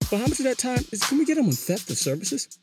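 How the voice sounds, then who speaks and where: A vlogger rambles through a casual monologue commentary in a sing-song, slangy voice. The pitch swings widely, and the speaker repeats words and poses rhetorical questions. Hip hop music plays clearly underneath. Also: sing-song, quick pace. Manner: slangy, says "yo" and "you know" often.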